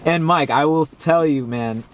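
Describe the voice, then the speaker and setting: A man hosting a travel vlog, talking to viewers in a relaxed, chatty way while outdoors on a day trip. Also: fairly high pitch, unhurried, a little hiss or hum. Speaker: vlog host. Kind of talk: casual vlog narration.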